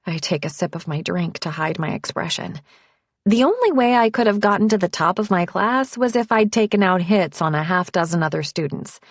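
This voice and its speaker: A woman narrating a first-person audiobook in a measured, intimate way. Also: on the low side, animated, no room sound.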